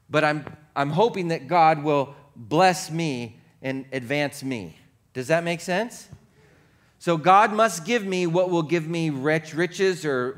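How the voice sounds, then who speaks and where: Here a pastor with a mid-range, somewhat bright voice delivers a sermon in a church sanctuary. He keeps it conversational, jokes at his own expense, and leans on humor and playful repetition.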